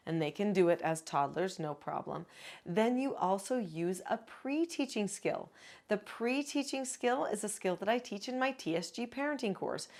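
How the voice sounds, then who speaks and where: A woman working as a parenting educator and author, calmly explaining parenting skills step by step in an advice video. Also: mid-range voice. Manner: calm, instructive, explains step by step.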